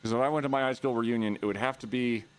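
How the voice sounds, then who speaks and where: A man's voice: medium pitch, steady tone, fast talker, smooth. A man streaming a video game, chatting with his viewers in a playful, jokey way. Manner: playful, jokey, shrieks and laughs. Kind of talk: casual live-stream chat.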